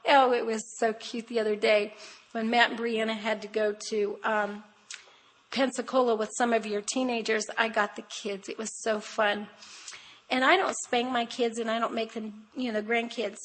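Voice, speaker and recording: An older woman with a slightly high voice gives a conversational, sermon-like talk to a room of women. She speaks directly to her listeners, emphatic and homespun, weaving in stories about her own family. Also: flat delivery, normal speed, poor audio. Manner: chatty and emphatic, addressing the audience directly; homespun storytelling with family anecdotes. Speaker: guest speaker at a women's conference.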